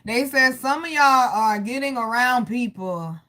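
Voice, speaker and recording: Chatty woman tarot reader, higher voice. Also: measured pace. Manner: chatty, calls listeners baby and boo; loose and animated, laughs and greets chat viewers. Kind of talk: casual live tarot reading.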